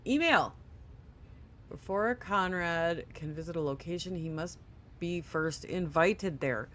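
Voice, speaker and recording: At home, a gaming channel host reads a game's tutorial screens aloud in casual let's play commentary, breaking off for quick offhand remarks. His middle-pitched, fairly bright voice sounds sleepy, and he apologises for his yawns. A faint low hum lingers in the background.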